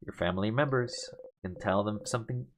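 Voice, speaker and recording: A man's voice: fairly low pitch, brisk, a little hiss or hum. A young man hosting a casual let's play, reading the game's text aloud with big dramatic swings and muttering asides.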